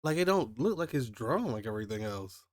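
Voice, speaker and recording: Excitable man reacting, dry sound. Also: a little fast, no room sound. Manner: excitable, jumps high when surprised, laughs at himself. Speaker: manga reaction channel host. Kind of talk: reading aloud and reacting.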